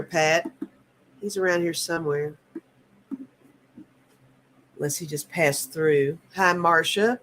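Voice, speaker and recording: A woman in her fifties hosting a live tarot stream, talking in a halting, earnest way and reading viewer comments aloud. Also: low voice, fairly bright tone, a little hiss or hum. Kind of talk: casual live-stream chat.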